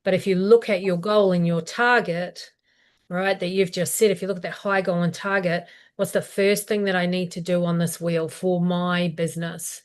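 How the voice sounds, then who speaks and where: A woman co-hosting a business live stream, practical and steady, asking questions aloud as she explains. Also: on the low side, normal speed, clear, resonant tone.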